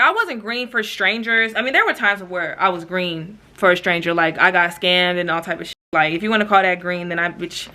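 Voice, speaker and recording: A young woman telling a storytime vlog in casual, slangy chat, with quick asides to her viewers. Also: fairly low pitch, bright, forceful tone. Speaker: vlogger.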